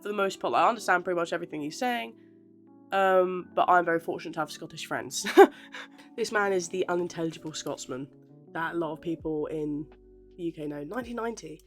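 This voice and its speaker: A woman's voice: fairly low pitch, fairly quick, soft background music. Chatty, self-deprecating young woman. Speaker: aspiring actress vlogger. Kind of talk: casual chat to camera.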